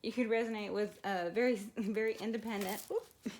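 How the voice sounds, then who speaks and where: A woman's voice: mid-range voice, fairly even intonation, brisk, a little hiss or hum. A woman doing a casual tarot reading for her viewers, musing aloud and laughing often. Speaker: tarot reader.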